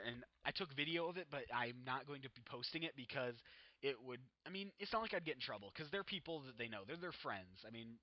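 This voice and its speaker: A man's voice: mid-range voice, dry recording. Rambling teen guy, dull lo-fi mic. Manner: rambling, self-interrupting storyteller. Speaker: gaming vlogger. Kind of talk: casual chat over gameplay.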